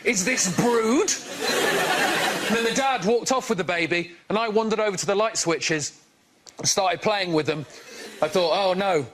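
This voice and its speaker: A man's voice: high voice, moderate pace, background noise. A man telling self-mocking stand-up stories in a chatty way. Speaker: stand-up comedian. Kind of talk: stand-up set.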